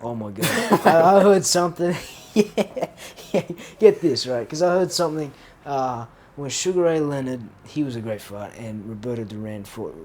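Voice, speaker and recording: A man's voice: mid-range voice, normal speed, few pauses, a little mellow. Rambling young man, laughing often. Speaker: podcast co-host. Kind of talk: casual chat. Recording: faint background noise.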